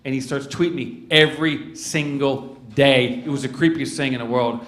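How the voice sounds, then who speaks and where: A man in his fifties doing stand-up crowd work, playing mock-grumpy and acting out quick voices. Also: mid-range voice, fairly even intonation. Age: 50s. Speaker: stand-up comedian. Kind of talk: stand-up set to a live audience. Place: corporate event venue. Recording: roomy venue with audience noise. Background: audience laughing.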